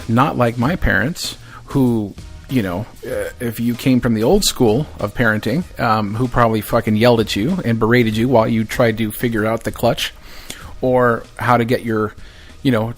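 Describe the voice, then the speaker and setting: A man in his forties hosts a podcast and tells a story in a loose, swearing, animated way, often laughing at himself. His voice sits at an ordinary middle pitch. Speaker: podcast host. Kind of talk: casual storytelling monologue.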